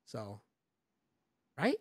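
A man co-hosting a podcast in casual chat, joking loudly and swearing freely. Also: extremely slow, no echo, clean studio sound. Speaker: podcast co-host.

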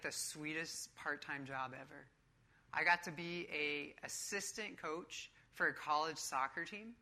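Woman preacher, bright forceful voice, slightly low pitch, emphatic sermon. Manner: emphatic, coach-like preaching with casual asides.

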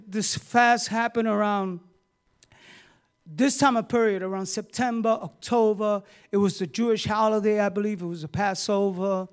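A middle-aged man with a strikingly high voice preaches a sermon. He asks his congregation questions in a chatty way, then builds to loud, emphatic preaching. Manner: talks with the congregation, asking questions. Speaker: pastor.

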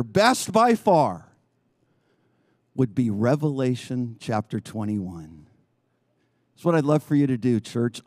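A male pastor preaching a sermon in a church courtyard, emphatic and urging, with long pauses. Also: medium pitch, darkish tone, no echo, clean studio sound.

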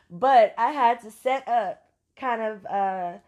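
A woman's voice: on the high side, expressive, extremely slow, a little mellow. A woman from Louisiana with a Louisiana accent, telling a story casually and with salty language while acting out her own quotes. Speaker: vlogger.

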